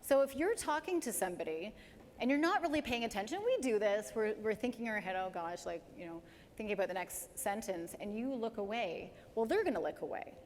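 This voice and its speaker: A woman giving a live career presentation to an audience, lively and emphatic, speeding up and slowing down to demonstrate points. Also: fairly high pitch. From Canada. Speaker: presenter at a dental career talk. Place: large hall with an audience. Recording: hall reverb, faint background noise.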